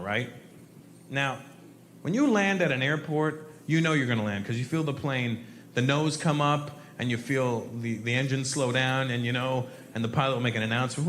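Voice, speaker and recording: A man doing a stand-up comedy set on stage before a live audience, telling a profane, animated story and bantering with the crowd. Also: mid-range voice, roomy sound, slight background noise.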